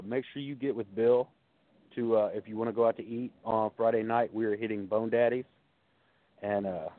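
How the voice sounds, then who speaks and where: A man joining a casual chat as a guest, speaking with enthusiasm and emphasis. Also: fairly low pitch. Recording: dry tinny phone-like line.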